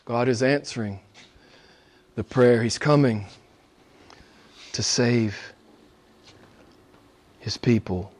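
A middle-aged man, a pastor preaching a sermon, swinging from loud emphatic lines to soft low asides. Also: takes it slowly, pauses often.

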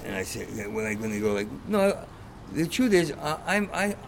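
A man's voice: on the high side, sing-song, normal speed, a little hiss or hum. A man, a comedian, talking in casual conversation with a stutter, blunt and profane and rambling. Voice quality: stutter, repeats sounds. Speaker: stand-up comedian, guest.

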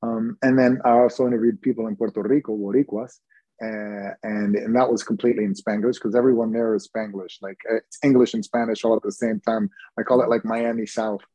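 A man guest talking in a relaxed, easygoing way in an interview, with lots of ums and restarts. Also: fairly low pitch, brisk, no room sound, poor audio. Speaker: guest, TV host and founder. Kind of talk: casual interview chat.

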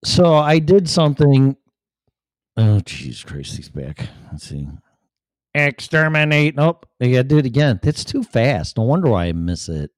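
A man's voice: medium pitch, sing-song, moderate pace, mellow, no room sound. Man hosting a casual podcast. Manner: profane, rambling, distracted by equipment. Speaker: podcast host. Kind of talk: casual chat.

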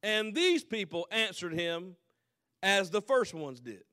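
High-voiced preacher reading scripture slowly. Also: male voice, lively intonation, pushed and bright, dry recording, clean studio sound. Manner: slow emphatic scripture reading, loose paraphrase. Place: church.

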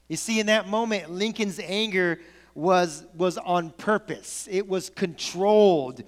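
A man delivers a sermon in a conversational, animated way, moving between storytelling and casual asides to his congregation. His voice sits high for a man. The sound carries the long reverb of a large hall. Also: unhurried. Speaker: pastor.

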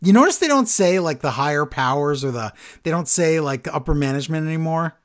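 Man, slightly high voice, casual recap chat, chatty. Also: expressive, quick pace. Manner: chatty recapper, quotes wrestlers in mock voices. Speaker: podcast co-host recapping wrestling.

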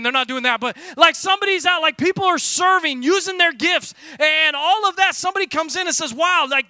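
A man preaching a casual, energetic sermon from a church stage, talking loosely with lots of "like" fillers and jokes. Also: extremely high pitch, dry recording. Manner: loose and conversational, full of "like" fillers, jokey. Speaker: pastor.

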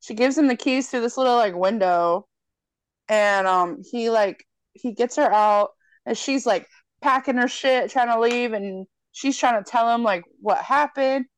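A woman's voice: a little high, a little slow, smooth, no room sound. A young woman in casual chat, animatedly retelling a movie plot with lots of swearing and acted-out lines. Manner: animated storyteller, swears freely, acts out lines.

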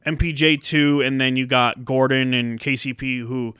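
A man co-hosting a casual sports chat, animated and swearing freely as he acts out what players said. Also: medium pitch, moderate pace, clean tone, no room sound, clean studio sound. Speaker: podcast co-host.

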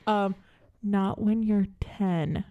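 A woman's voice: medium pitch, fairly even intonation, very slow, narrow, tinny audio. A woman hosting a casual true-crime podcast, telling the case with jokey asides and frequent laughs. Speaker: podcast host presenting the case.

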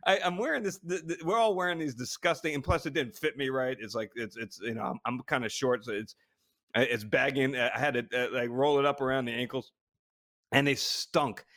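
Laughing, animated male storyteller. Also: mid-range voice, fairly quick. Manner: animated storytelling, laughing a lot, many restarts. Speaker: podcast co-host, former astronaut. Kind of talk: casual chat.

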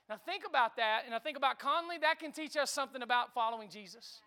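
High, bright-voiced preacher. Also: male voice, fast talker, few pauses, smooth. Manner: lively preaching with call-and-response asides. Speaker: pastor. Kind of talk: sermon.

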